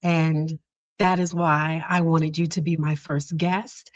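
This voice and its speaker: A woman with a lower voice hosts a heartfelt podcast conversation, earnest and close to tears, her sentences full of restarts and soft laughter. The recording sounds dull and lo-fi. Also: level tone, slow pace. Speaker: podcast host.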